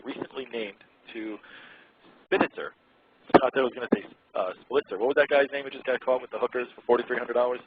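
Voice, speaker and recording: A man's voice: mid-range voice, phone-quality sound, heavy background noise. A man hosting an internet radio show, chatting casually and reading out web articles in a rambling, irreverent way, laughing often. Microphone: close mic he keeps blowing into.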